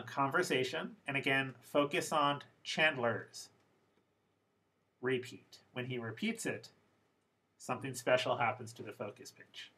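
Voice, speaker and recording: A man's voice: medium pitch, pushed and bright, rough recording. A man teaching English pronunciation in a recorded lesson, explaining patiently and step by step.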